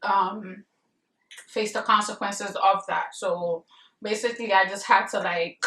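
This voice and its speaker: A young woman vlogger gives casual marriage advice to camera, rambling with lots of fillers and speaking bluntly and emphatically. Her medium-pitched voice is bright and forceful, fairly even in intonation and unhurried. The room is echoey, she sits a bit far from the mic, and there's a little hiss or hum.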